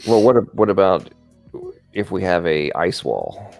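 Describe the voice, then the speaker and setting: Deep-voiced American man, rambling host. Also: very animated, unhurried, creaky, darkish tone, no echo, faint music behind. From England. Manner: rambling, tags lines with "right?". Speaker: live stream host. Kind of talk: casual chat, storytelling.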